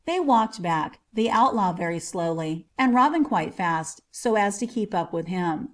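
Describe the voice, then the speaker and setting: A woman narrating a storybook in a gentle, measured way. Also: mid-range voice, animated. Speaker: audiobook narrator.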